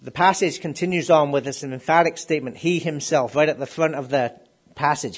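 Man preaching a sermon, slightly high voice. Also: a little fast. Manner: asks the congregation questions, rises to emphatic declarations.

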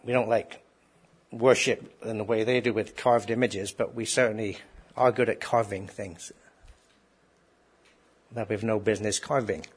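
A man's voice: fairly low pitch, fairly even intonation, unhurried, long pauses, breathy edge. A man preaching a sermon to a congregation in a conversational way, often asking rhetorical questions. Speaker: pastor.

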